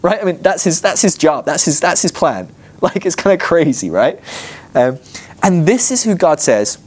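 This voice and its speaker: Man teaching scripture, lively swooping pitch, chatty storytelling, amused. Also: moderate pace, breathy edge. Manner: animated storytelling, laughs at his own points. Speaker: ministry school teacher. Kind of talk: teaching a Bible class.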